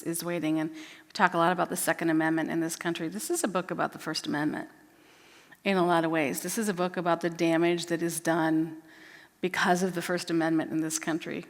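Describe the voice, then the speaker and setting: A woman's voice: on the low side, vocal fry. Reflective woman moderator in a hall. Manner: candid, reflective, asks many questions. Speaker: book discussion moderator. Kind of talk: casual group discussion.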